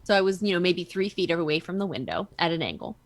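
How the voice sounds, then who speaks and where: A woman streaming a card game, chatting casually and telling stories in an animated way. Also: lowish voice, fast talker. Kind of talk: casual chat while gaming.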